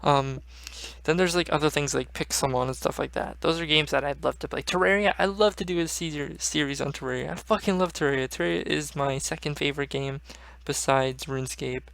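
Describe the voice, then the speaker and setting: A man's voice: fairly high pitch, steady tone, a little fast, vocal fry, hardly any pauses, fairly bright tone, dry recording. A young man hosting a gaming channel, rambling casually and swearing often. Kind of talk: casual gaming vlog chat.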